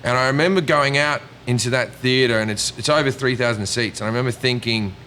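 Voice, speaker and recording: Aussie guy chatting, bright lively voice, swears a lot, faint hiss behind. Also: medium pitch, quick pace, few pauses. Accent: Australian. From Australia. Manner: animated storyteller, swears, mimics people. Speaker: comedian guest. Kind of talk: casual chat.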